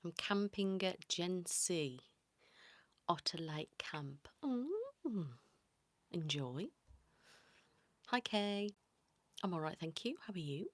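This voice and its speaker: A woman hosting a whispered ASMR livestream, greeting viewers by name in a soft whisper. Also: lowish voice, expressive, slow, pauses often, no echo. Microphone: close sensitive mic.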